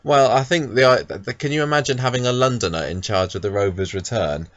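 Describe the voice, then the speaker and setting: A man's voice: mid-range voice, fairly quick, a bit bright, no room sound. A man co-hosting a casual podcast, talking about a soap character with lots of ums and restarts. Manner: hesitant, many ums and restarts. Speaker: podcast co-host.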